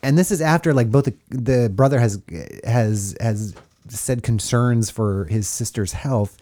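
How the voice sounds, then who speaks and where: Guy on a podcast riffing on a horror movie, mid voice, jokey and animated. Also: mid-range voice, measured pace. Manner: animated, joking, acts out characters. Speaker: podcast host. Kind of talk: casual film discussion.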